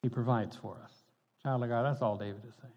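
Telling stories in a folksy sermon, an older male pastor chuckles between his points and keeps things conversational. He speaks fast in a steady, medium-pitched, darkish voice, recorded with a dull reverberant hall sound.

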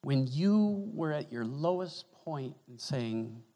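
A male pastor giving an animated, conversational sermon in a church, joking with the congregation. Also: mid-range voice, takes it slowly. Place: church sanctuary. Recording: echoey church hall.

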